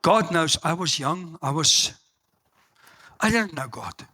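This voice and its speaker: A middle-aged South African man preaching a sermon, telling personal stories and acting out the dialogue with loud exclamations. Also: fairly high pitch, takes it slowly. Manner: animated storytelling, acts out dialogue, exclaims loudly. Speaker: pastor.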